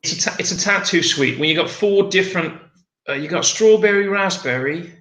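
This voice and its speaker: Male guest, bright, slightly high voice, rambling casual chat over a call in an echoey room. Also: animated, fairly quick. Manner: rambling, frequent restarts.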